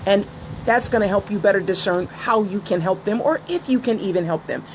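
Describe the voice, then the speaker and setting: Heard on a low-quality recording with slight background noise, a business coach speaks briskly at medium pitch. Her earnest motivational monologue covers business and listening, and she dramatizes the dialogues she cites.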